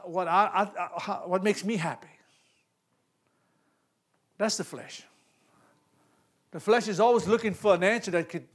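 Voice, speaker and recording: A man preaching a sermon, swinging from loud, animated calls to hushed asides and laughing between points. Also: high voice.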